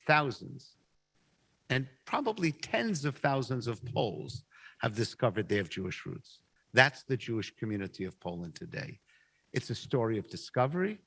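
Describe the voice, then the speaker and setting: Male guest speaker, mid-pitched, measured and emphatic storytelling to a hall. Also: a bit bright. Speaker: guest speaker at a community meeting. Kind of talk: storytelling talk to an audience. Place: event hall.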